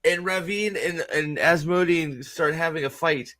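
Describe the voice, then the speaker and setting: A man's voice: on the high side, a little slow, pushed and bright. A man hosting casual fan commentary, rambling and profane, and often cutting himself off mid-thought. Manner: rambling, profane, self-interrupting. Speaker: host.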